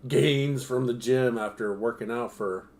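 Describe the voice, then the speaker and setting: A man's voice: medium pitch, a little slow, a little mellow. A man on a home livestream reading nonfiction aloud and breaking off into profane, self-mocking asides. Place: home streaming setup.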